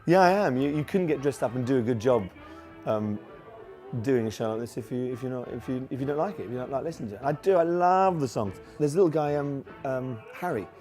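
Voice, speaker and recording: A man's voice: mid-range voice, fast, mellow, faint music behind. A man in his forties, a tribute performer, chatting in a documentary interview with lots of fillers and restarts. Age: 40s.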